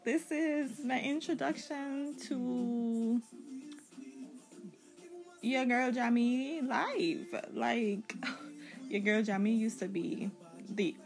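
Chatty Caribbean woman with a gravelly voice. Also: mid-range voice, a little mellow, poor audio. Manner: rambling, chatty, candid. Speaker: podcast host. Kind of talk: casual solo podcast monologue.

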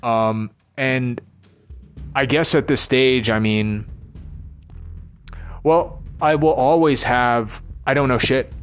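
A man talking through his frustrations in a rambling personal monologue, weary and halting, with frequent swearing. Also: mid-range voice, clear, resonant tone, faint music behind. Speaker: vlogger.

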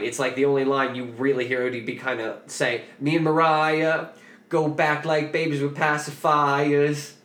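A man's voice: medium pitch, a bit bright, echoey room. A man hosting a podcast, telling a story in a loose, profane, joking way. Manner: loose, profane, jokey storytelling with acted quotes. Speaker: podcast host. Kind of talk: casual storytelling chat.

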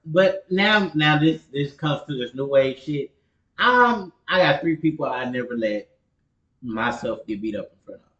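A man's voice: fairly high pitch, expressive, unhurried, a bit bright. A man chatting casually as a podcast co-host, laid-back and slangy, often chiming in with short agreement. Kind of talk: casual chat. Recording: dull, roomy sound.

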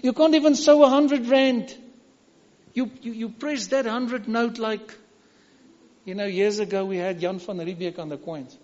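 A South African man preaching a sermon as pastor, emphatic and repetitive, now and then dropping to a hush. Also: high-pitched, unhurried, long reverb tail, muffled recording.

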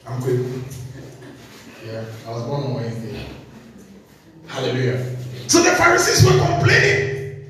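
A man with a Ghanaian English accent preaching a sermon, emphatic, swinging from loud peaks to quiet asides. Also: high-pitched, a little hiss or hum. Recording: echoey hall, far from the mic.

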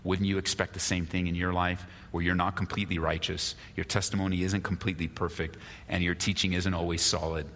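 Male pastor, lively preaching, bright forceful voice, long hall echo. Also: sits low, fairly quick, few pauses, slight background noise. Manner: animated, acts out quarrels in lively voices. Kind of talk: sermon.

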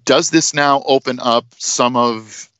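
A man co-hosting a sports podcast, talking it through in a measured way with fillers. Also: medium pitch, fairly even intonation, a bit bright, no room sound. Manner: measured, thinking aloud with fillers. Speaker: podcast co-host. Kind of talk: casual sports talk. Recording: dry, dull lo-fi sound.

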